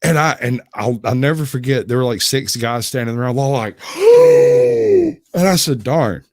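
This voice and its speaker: A man's voice: medium pitch, wildly swooping pitch, measured pace, a little mellow, no echo. Guy rambling thru stories on a stream, keeps giggling, dry close sound. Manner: rambling, giggles often mid-story. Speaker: livestream host. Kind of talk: casual storytelling chat.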